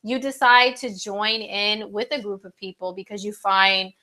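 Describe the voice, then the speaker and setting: A woman's voice: fairly even intonation, moderate pace, pushed and bright. Chatty young woman doing horoscopes. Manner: chatty, frequent fillers, playful asides, mimics friends in higher voices. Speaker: astrology host. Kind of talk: casual live horoscope talk.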